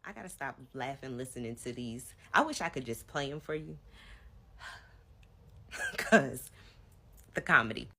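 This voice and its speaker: A woman in her thirties telling a personal story to her viewers in a casual, animated way. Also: extremely low pitch, unhurried, long pauses. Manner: animated storytelling, acts out both sides of arguments; casual, addresses viewers directly. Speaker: vlogger. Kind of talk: storytime vlog.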